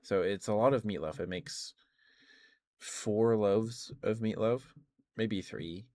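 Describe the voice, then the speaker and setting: A hoarse young man chatting casually on a stream, rambling with lots of fillers. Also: on the low side, slow, darkish tone, no room sound, studio quality. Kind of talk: casual chat.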